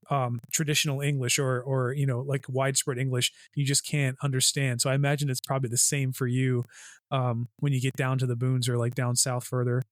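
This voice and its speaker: A man's voice: mid-range voice, dry recording. Man, from the US, podcast co-host, enthusiastic casual chat, mid voice, dry sound. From United States. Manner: enthusiastic, chatty, laughs easily.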